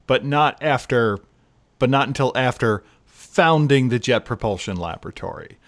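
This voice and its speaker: A man's voice: mid-range voice, expressive, moderate pace, no room sound, clean studio sound. A man hosting a podcast in casual chat, prompting his guest with questions. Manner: conversational, asks prompting questions. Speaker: podcast host.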